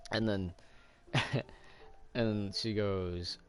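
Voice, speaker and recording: A man's voice: sits low, lively intonation, a little slow, soft background music. A man casually chatting while playing a game, rambling with lots of fillers and little laughs. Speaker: let's play host. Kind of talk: casual gameplay commentary.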